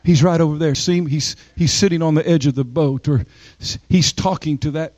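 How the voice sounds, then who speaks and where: A male preacher with a high voice delivers a sermon with emphatic, dramatic pauses and soaring rises. The sound is dry and close, with little room around it. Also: steady tone, darkish tone, no room sound.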